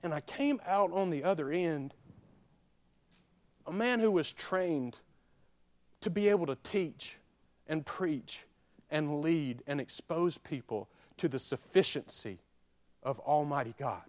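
A man, preaching a sermon that moves between quiet personal confession and loud, emphatic exhortation. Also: on the high side, lively intonation, slow, long pauses. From Alabama. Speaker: pastor.

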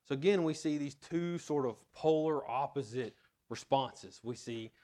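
A man's voice: medium pitch, unhurried, warm tone. A man preaching a sermon to his church in an earnest way, reading scripture and telling a personal story. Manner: earnest, tells personal anecdotes. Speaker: pastor.

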